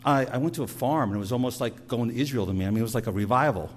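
A man's voice: mid-range voice, racing. Conversational male preacher telling stories. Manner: storytelling, conversational, repeats words. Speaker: pastor. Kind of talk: sermon.

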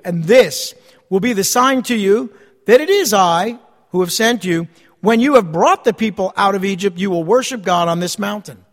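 A man preaching a sermon as pastor, repeating key phrases with dramatic pauses. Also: high voice, fairly bright tone, in a large hall.

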